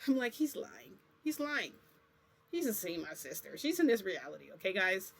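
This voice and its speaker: A woman's voice: medium pitch, very animated, normal speed, gravelly, husky. A woman vlogger telling a personal story in a casual, rambling way, full of fillers and asides. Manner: rambling, chatty, many fillers.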